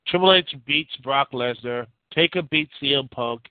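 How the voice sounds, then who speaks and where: A man's voice: mid-range voice, normal speed, no echo. A man hosting a casual call-in talk show, giving rambling, opinionated takes full of fillers and restarts. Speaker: podcast host. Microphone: phone line. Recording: tinny phone-line audio.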